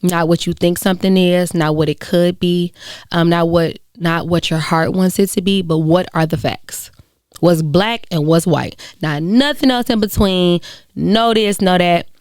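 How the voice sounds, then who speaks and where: A woman's voice: on the low side, measured pace, darkish tone, dry recording, studio quality. A young adult woman hosting her solo podcast, talking in an earnest, encouraging way with frequent fillers. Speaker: podcast host. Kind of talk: reflective solo podcast talk.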